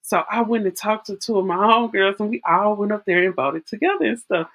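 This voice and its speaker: A woman's voice: medium pitch, a little fast, fairly bright tone. A woman, chatting casually and animatedly about politics, telling stories with frequent laughs. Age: early 40s. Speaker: vlogger. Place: outdoors in wind.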